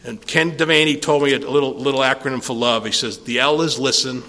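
A man's voice: medium pitch, a little fast. Older man telling a story in a hall. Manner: rambling, animated storyteller who acts out dialogue. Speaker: recovery meeting speaker. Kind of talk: storytelling talk to a recovery meeting. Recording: long hall reverb.

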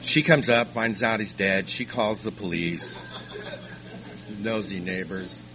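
An older man giving a personal testimony at a recovery meeting, telling his story haltingly with frequent restarts. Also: on the low side, a crowd in the background, rough recording. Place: meeting room.

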